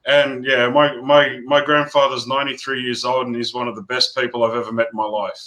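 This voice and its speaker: Man, mid-pitched, bright and forceful; earnest, halting personal storyteller. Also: little pitch movement, low-quality recording. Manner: earnest, halting, with frequent restarts. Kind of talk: personal storytelling in casual chat.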